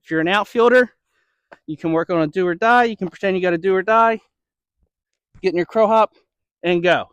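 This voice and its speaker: Man, baseball coach, high pitch, dry close sound, slightly winded, keeps checking in. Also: brisk, long pauses, fairly bright tone, smooth, no room sound. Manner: coaching, checks in with "okay?" and "right?". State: slightly out of breath. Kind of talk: instructional demo.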